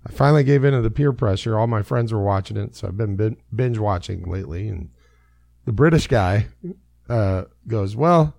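A man's voice: lowish voice, normal speed, vocal fry, dark tone, no room sound. A man co-hosting a casual chat, telling laid-back stories and laughing often.

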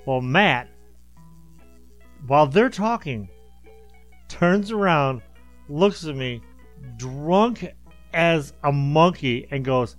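Man in his thirties, slightly high voice, laughs while telling a story, faint music bed. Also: animated, takes it slowly, pauses often. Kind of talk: casual chat.

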